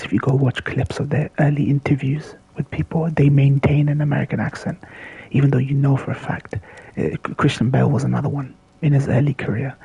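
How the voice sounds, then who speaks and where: A man talking through a video game on a livestream in loose, rambling asides. His voice is rough with gravel and very husky, and he often sinks to a near-whisper. He swears freely and stumbles through restarts as he goes. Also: medium pitch, warm tone, no room sound, rough recording. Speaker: gameplay commentator. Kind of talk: casual livestream gameplay commentary.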